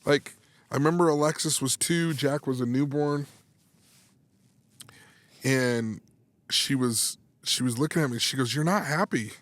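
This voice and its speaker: A man's voice: mid-range voice, a little slow, long pauses, no echo. A man in his thirties, a sports psychology coach, telling a story in a casual podcast interview, restarting phrases and acting out dialogue as he goes. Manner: animated, restarts phrases, acts out quoted dialogue.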